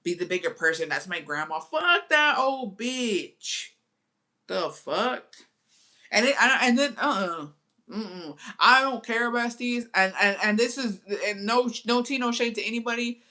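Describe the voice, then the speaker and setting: Bright, foul-mouthed woman. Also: medium pitch, moderate pace. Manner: profane, blunt, mixes Spanish into English; animated storytelling with theatrical asides. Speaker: vlogger. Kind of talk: casual chat to viewers.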